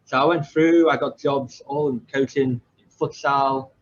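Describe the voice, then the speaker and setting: A man's voice: mid-range voice, steady tone, moderate pace. A young man from England, a podcast host, telling his story in a rambling, self-deprecating way with many fillers and restarts. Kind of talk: casual storytelling. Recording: slightly dull lo-fi audio with faint background noise.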